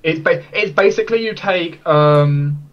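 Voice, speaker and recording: A man's voice: fairly high pitch, a little slow, highs cut off. A man running a tabletop game as game master, explaining rules and often stumbling and restarting his sentences. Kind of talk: narrating a tabletop game online.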